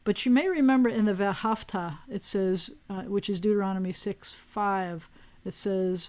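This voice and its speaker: A woman rabbi teaches an online Hebrew class through a video call mic, speaking at medium pitch and normal speed. She's relaxed and chatty, wandering off on tangents and using plenty of fillers.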